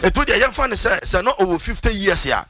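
High-voiced pastor half-singing a sermon. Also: male voice, very animated, fast talker, sharp tone, no room sound. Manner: preaching in Twi and English, half-singing, call and response. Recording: music bed behind.

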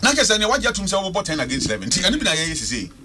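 A man's voice: high voice, huge pitch swings, racing, noisy background. A man with a Ghanaian accent calling in to a radio talk show, speaking with passion and repeating words for stress. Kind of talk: passionate radio call-in commentary.

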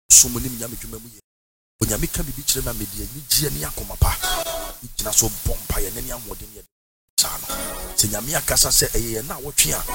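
Man, Ghanaian accent, pastor leading prayer, exhorting, loud music behind. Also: on the low side. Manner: switches between English and Twi, exhorting the congregation.

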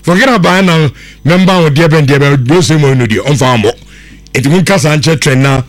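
A man hosting a sports radio show, reading out listener messages in a brisk, casual way. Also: on the high side.

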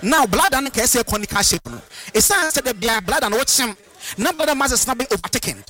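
Animated high-voiced man lecturing. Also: moderate pace. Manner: animated, lecturing, sing-song. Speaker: herbal medicine guest. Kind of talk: radio health talk.

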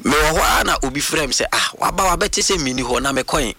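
Ghanaian man on the radio giving a testimony then praying, talks fast, bright voice. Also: on the high side, expressive, slightly rough, no echo. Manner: earnest, quick speech mixing English and Twi. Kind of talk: testimony and spoken prayer.

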